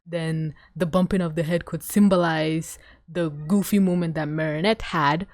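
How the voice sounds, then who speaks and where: A woman with a fairly low voice reviews a cartoon episode in casual commentary. She is excitable and gushing, swears freely, and acts out the characters' lines. The sound is dry and close. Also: moderate pace, dry recording.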